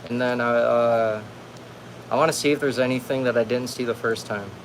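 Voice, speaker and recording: A man's voice: mid-range voice, steady tone, normal speed, slight background noise. A young man hosting a casual livestream from home, talking in a laid-back, rambling way full of slang. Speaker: livestream host. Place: at home with a cat. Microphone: phone livestream.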